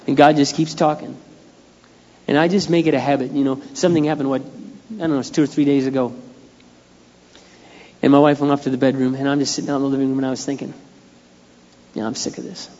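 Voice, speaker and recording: A man's voice: mid-range voice, level tone, fast talker, long pauses. Candid middle-aged male pastor preaching. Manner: candid and conversational, swinging from quiet asides to loud outbursts. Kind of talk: sermon. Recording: dull lo-fi sound with long hall reverb.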